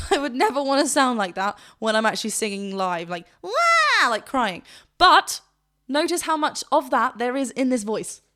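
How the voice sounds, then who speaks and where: A woman vocal coach explaining singing technique in a reaction video, breaking off to demonstrate with loud sung yelps. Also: fairly high pitch, animated, moderate pace.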